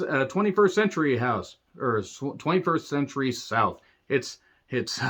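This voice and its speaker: A man's voice: mid-range voice, expressive, normal speed, fairly bright tone. A man giving a sarcastic, profane movie review rant, full of rambling asides.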